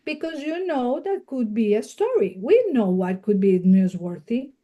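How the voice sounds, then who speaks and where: A woman with a Spanish accent speaks in a somewhat high voice, giving earnest, practical advice as a guest on a casual podcast. She is a non-native English speaker and often laughs as she talks. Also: animated, normal speed, warm tone, lo-fi sound. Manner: earnest, advising, laughs readily. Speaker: guest, media coach.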